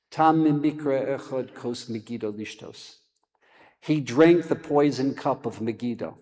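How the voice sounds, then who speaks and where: A man's voice: fairly low pitch, a little mellow. A man, a rabbi, teaching a sermon, chanting verses and then explaining them with dramatic emphasis. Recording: long hall reverb.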